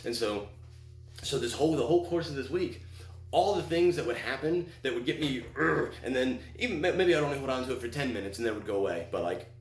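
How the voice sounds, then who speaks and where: Man, middle-aged, personal storytelling, emotional, frequent restarts, average pitch, roomy sound. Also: animated. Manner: earnest, emotional, halting with many restarts. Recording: echoey room with faint hum.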